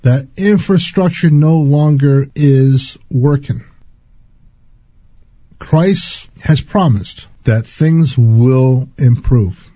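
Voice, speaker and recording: Man, husky low-toned voice, earnest spiritual testimony, dull lo-fi sound. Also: mellow, no room sound. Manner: earnest, slow and deliberate. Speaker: spiritual speaker.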